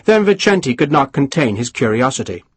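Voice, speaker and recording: A man narrating an audiobook in a measured, expressive reading. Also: mid-range voice, breathy edge, no echo. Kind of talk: scripted narration.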